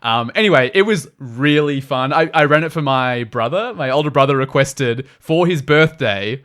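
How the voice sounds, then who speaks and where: Young male co-host, easygoing and eager, rambles a little, mid-pitched. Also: lively intonation, normal speed, fairly bright tone. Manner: enthusiastic, rambling with fillers. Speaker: podcast co-host. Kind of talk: casual chat.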